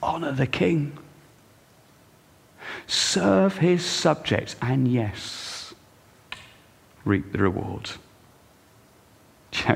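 A male pastor preaching a sermon with wry, expressive delivery that swings from hushed to emphatic. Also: fairly low pitch, vocal fry, slightly rough, long reverb tail.

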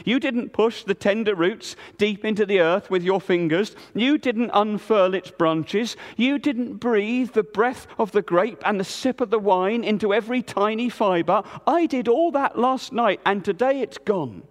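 A man's voice: high voice, a little slow, hardly any pauses, long reverb tail, pitched above the performer's own voice. A man voicing God as a stern, reproachful figure who presses his questions insistently.

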